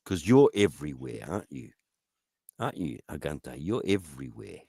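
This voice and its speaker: A man's voice: a bass voice, sing-song, normal speed, gravelly, dark tone, husky, no room sound. A man in a profane, taunting rant, firing goading questions at someone. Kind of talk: angry rant.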